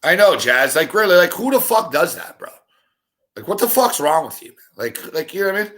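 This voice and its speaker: A man hosting a sports talk show, ranting heatedly in a profane monologue full of rapid rhetorical questions. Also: high-pitched, big pitch swings, sharp tone.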